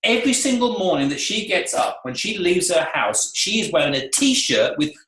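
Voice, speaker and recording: Male coach, upbeat seminar delivery with a swooping, lively pitch and a fairly high voice, echoey room. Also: moderate pace. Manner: animated, acts out client and staff voices. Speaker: salon coach.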